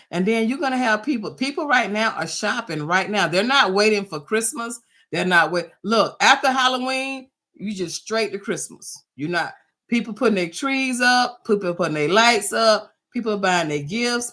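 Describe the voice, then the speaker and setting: A woman's voice: mid-range voice, lively intonation, moderate pace, fairly bright tone. A woman coaching small business sellers in a motivational talk. She speaks emphatically, repeats her points and checks in with "okay?", and she tells stories in which she acts out the voices of the people in them. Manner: emphatic and repetitive, drives points home with "okay?"; storytelling, acts out quoted voices.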